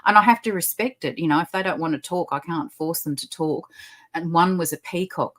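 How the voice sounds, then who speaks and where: A low-pitched woman, a guest on a podcast over a video call. She tells her stories in an animated, upbeat way. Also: a little fast. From Australia. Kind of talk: podcast interview.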